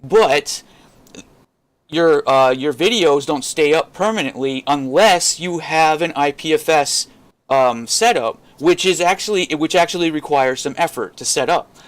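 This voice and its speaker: Speaking at a measured pace in a voice on the high side, a crypto vlogger vents to camera without a script. He swears all the time, sounds frustrated, and wanders through many restarts.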